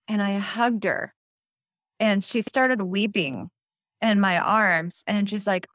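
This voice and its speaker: A woman's voice: mid-range voice, takes it slowly, fairly bright tone, no echo, studio quality. A woman co-hosting a health talk show, chatting casually and telling stories with easy laughs. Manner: chatty storyteller, laughs easily. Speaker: podcast co-host. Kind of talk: casual conversational chat.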